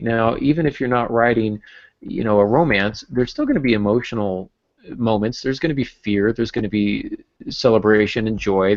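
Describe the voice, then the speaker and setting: A man's voice: lowish voice, muffled recording. A man co-hosting a writing podcast, chatting casually with jokes and many fillers. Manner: rambling, joking, many fillers. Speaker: podcast co-host.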